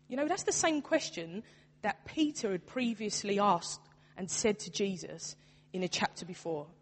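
A woman's voice: mid-range voice, expressive, moderate pace. Woman preaching in an echoing church. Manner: earnest, conversational preaching with quoted dialogue. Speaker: church youth worker preaching. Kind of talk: sermon. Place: church hall. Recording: long hall reverb.

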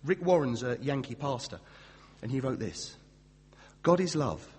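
A man's voice: medium pitch, lively intonation, a little slow, darkish tone, slightly rough. Chatty man preaching in an echoing hall. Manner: chatty, self-deprecating, with fillers and restarts. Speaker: pastor. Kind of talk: sermon. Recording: distant reverberant hall with faint hum.

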